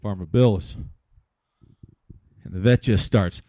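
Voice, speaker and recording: A man's voice: fairly low pitch, slow, warm tone, dry recording. A man doing stand-up at an outdoor park show, telling a joke in a loose, hesitant way. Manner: loose, hesitant storytelling with fillers. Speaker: stand-up comedian.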